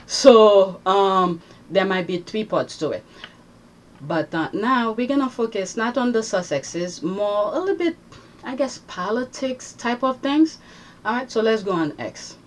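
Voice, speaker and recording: A woman's voice: mid-range voice, expressive, a little slow, slight background noise. A woman hosting a casual commentary vlog, rambling and chatty with many fillers as she reacts to social media posts.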